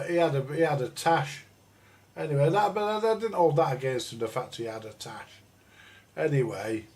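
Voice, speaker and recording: A man's voice: on the high side, darkish tone. Profane rambling man telling stories. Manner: profane, meandering storyteller with many restarts. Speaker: livestream host. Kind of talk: rambling anecdote on a live chat.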